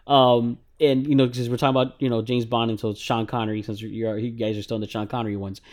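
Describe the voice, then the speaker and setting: A man chatting casually with friends on a show, jumping into side notes and rants. He laughs often and gets louder and more excited as he makes his points. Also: mid-range voice, fast talker. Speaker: podcast co-host. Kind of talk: casual chat.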